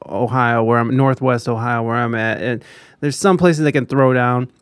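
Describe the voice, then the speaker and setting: A man's voice: medium pitch, fairly even intonation, normal speed, smooth, dry recording, studio quality. A man chatting casually as host, rambling with lots of fillers and gushing enthusiasm. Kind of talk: casual chat.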